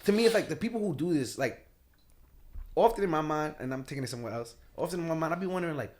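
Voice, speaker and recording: A man's voice: fairly high pitch, expressive, fast, darkish tone. A man who is a guest on a podcast in casual chat, speaking passionately and often repeating himself.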